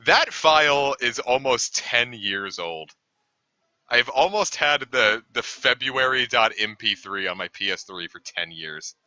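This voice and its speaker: Bright, lively young man streamer. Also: medium pitch, a little slow, dry recording. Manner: rambling, filler-heavy talk. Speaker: game streamer. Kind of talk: casual live-stream chat. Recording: dull lo-fi dry home mic.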